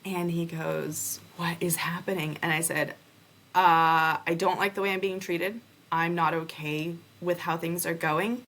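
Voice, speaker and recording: A young adult woman hosting a podcast, telling a personal story in an animated way and acting out the conversations she quotes. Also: fairly low pitch, measured pace. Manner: animated, acts out quoted dialogue. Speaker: podcast host.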